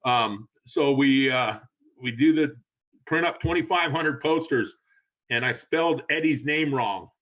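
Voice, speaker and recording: An older man telling a long rambling story in casual chat, animated and laughing, acting out quotes in a raised voice. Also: mid-range voice, a little slow. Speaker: guest storyteller. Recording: dull lo-fi sound.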